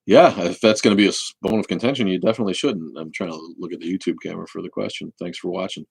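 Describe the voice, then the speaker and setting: A man's voice: deep voice, fairly even intonation, quick pace, vocal fry, breathy edge, no room sound, rough recording. A man hosting a casual livestream Q&A who rambles, restarts his sentences and swears freely. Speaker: host.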